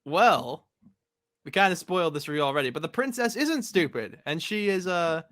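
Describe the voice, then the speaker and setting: Bright-voiced man hosting a casual chat. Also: on the high side, normal speed, no echo, studio quality. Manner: relaxed, rambling, with many fillers. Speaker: podcast host.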